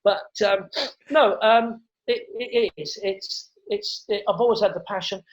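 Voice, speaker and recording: A middle-aged man, a comedian, telling stories in a casual interview, animated and quick to repeat words and act out what others said. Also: high voice. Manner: animated storyteller who acts out quotes and repeats words. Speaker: comedian guest. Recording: dull lo-fi sound.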